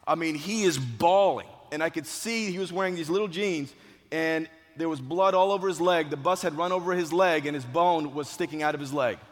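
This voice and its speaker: A man's voice: fairly high pitch, brisk. Man telling a dramatic story in a hall. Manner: dramatic, shifting between hushed and loud. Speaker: speaker telling a personal story. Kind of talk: motivational storytelling speech. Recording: long hall reverb.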